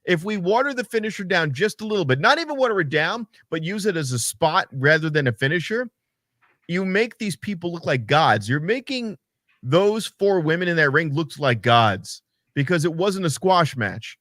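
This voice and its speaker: A man co-hosting a casual wrestling podcast, animated and profane, slipping into mocking voices. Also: fairly high pitch, moderate pace, no room sound, studio quality. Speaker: podcast co-host. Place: home setup, streaming remotely.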